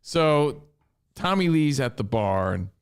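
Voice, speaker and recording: A man co-hosting a podcast, chatting casually and telling animated stories with acted quotes. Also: mid-range voice, takes it slowly, clean tone. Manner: animated storytelling, mimics people with shouted quotes. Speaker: podcast co-host. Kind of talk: casual chat.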